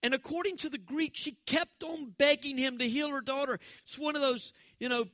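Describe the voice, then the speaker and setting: A male pastor with a high, bright voice preaches a sermon as if conversing with his congregation, acting out the voices he quotes with lively flair. He speaks a little fast with few pauses, and the recording is close and dry.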